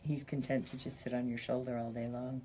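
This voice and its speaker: A woman who shows traveling animals, answering questions in a casual radio studio interview in a relaxed, matter-of-fact way. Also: a bass voice, fairly quick, a little hiss or hum.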